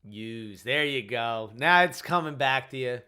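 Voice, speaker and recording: A man's voice: mid-range voice, animated, unhurried, bright, forceful tone, clear, resonant tone. A tired man in his thirties hosts a casual livestream chat and rambles, filling his talk with "like" and "you know". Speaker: host.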